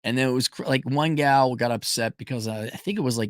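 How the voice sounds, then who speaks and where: A fast-talking middle-aged man runs a livestream, taking viewer questions in a blunt, profane and emphatic manner. His pitch leaps around animatedly, and the recording is dry and studio quality.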